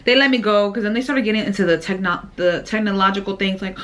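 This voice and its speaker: A young woman chatting casually to camera about her small business, animated and full of fillers. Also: medium pitch, fast, hardly any pauses. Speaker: vlogger and small business owner.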